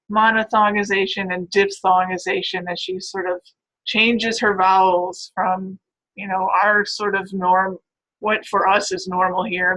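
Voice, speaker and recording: Bright-voiced woman lecturing on phonetics. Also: medium pitch, poor audio. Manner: explanatory, with frequent "right?" and "all right". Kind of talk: recorded classroom lecture.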